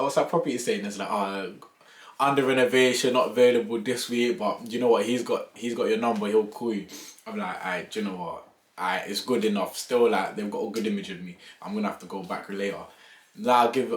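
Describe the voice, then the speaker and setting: A man telling a story casually to camera, slangy and animated, acting out both sides of his conversations. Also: fairly low pitch, roomy sound. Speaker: vlogger.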